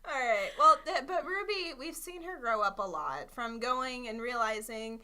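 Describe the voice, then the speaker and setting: A woman's voice: fairly high pitch, animated, unhurried, pushed and bright, a little hiss or hum. A woman co-hosting a podcast in a casual, giggly, chatty way. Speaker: podcast co-host. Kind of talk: casual chat.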